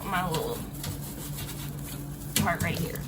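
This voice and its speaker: A woman vlogging casually at home to her viewers, talking in an animated way full of dramatic exclamations. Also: fairly low pitch, slow. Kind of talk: casual vlog talk to viewers. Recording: echoey room with loud background noise.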